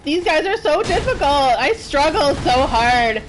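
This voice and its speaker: Woman game streamer, slightly high voice, very animated delivery, chatty and giggly. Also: unhurried, faint music behind. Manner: chatty and giggly, yelps when stressed. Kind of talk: casual gaming commentary.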